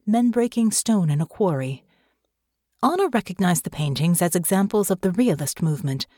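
Narrating a scripted fantasy audiobook, this woman keeps a steady, measured storytelling pace. Her pitch is fairly low, and the studio recording is clean, with no echo.

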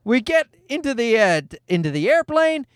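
A man's voice: very high-pitched, very animated, moderate pace, smooth, no room sound, clean studio sound. A man in his thirties hosting a casual solo podcast, telling a story in a profane, self-mocking way. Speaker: podcast host.

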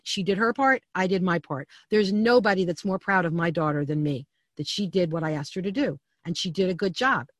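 A middle-aged woman telling family stories as an interview guest, animated and candid, often restarting her sentences. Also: on the low side, fairly quick, few pauses, no room sound, clean studio sound. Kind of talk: storytelling in a podcast interview.

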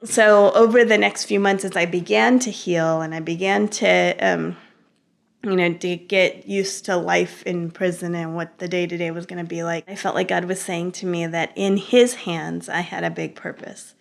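A woman, a guest in an interview, earnestly recounting a personal story in a relaxed conversational way. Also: lowish voice, moderate pace, gravelly.

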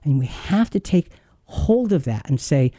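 A man's voice: on the high side, big pitch swings, a little slow, mellow, no room sound, studio quality. A man in his fifties hosting a Bible teaching show, telling a painful story in a heartfelt, earnest way. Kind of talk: earnest devotional talk.

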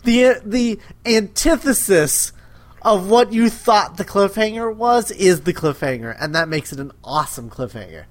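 A man's voice: sits high, lively intonation, unhurried. A man co-hosting a podcast, recapping a story enthusiastically and acting out quotes with laughter. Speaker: podcast co-host. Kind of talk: casual podcast chat.

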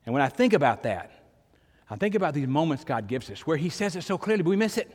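A man's voice: on the high side, very animated, fast talker, big-room sound. An older man, preaching a sermon in a conversational storytelling way, with sudden emphatic rises. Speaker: pastor.

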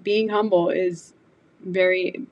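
A woman's voice: fairly low pitch, steady tone, slow, lo-fi sound. Chatty woman guest in a casual interview. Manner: chatty, laughs easily, lots of fillers like "like". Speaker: chef and hunter, guest.

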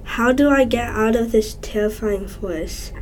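A woman's voice: on the high side, normal speed, slight background noise, close to an everyday voice. A woman voicing a frightened boy trapped in a haunted house, in a plain storybook reading. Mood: scared.

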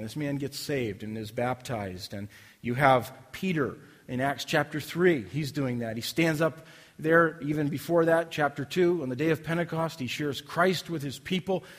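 A man's voice: a little high, in a large hall. A man preaching a sermon in an earnest, conversational way, often restarting phrases and telling a story. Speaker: pastor.

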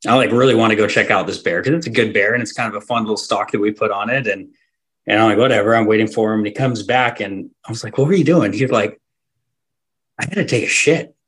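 A man's voice: fairly low pitch, fairly even intonation, quick pace, a bit bright, husky. A man from Alaska, a hunting guide, telling a long story in a casual, rambling way with fillers, restarts and laughs. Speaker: hunting guide and podcast guest.

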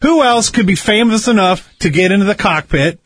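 A man's voice: high-pitched, lively intonation, brisk, fairly bright tone, no room sound. A man in casual chat, rambling through a conspiracy story with heavy swearing and insisting he is right. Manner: insistent, argumentative.

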